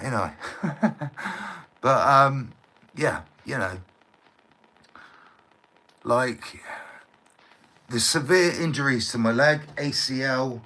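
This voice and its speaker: A middle-aged man rants to his live-stream viewers, swearing freely and checking that they agree. His pitch swings widely between low grumbles and sharp high outbursts, and he speaks slowly and deliberately. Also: poor audio. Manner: heated, swears often, repeats himself, asks for agreement. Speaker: livestreamer. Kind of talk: ranting live stream monologue.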